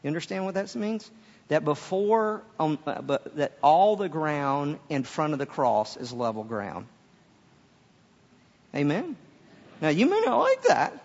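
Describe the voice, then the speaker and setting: High-voiced guy preaching, lots of stammered repeats, echoey hall, kinda muffled. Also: wildly swooping pitch. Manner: halting, repeats words often. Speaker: pastor. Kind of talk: sermon.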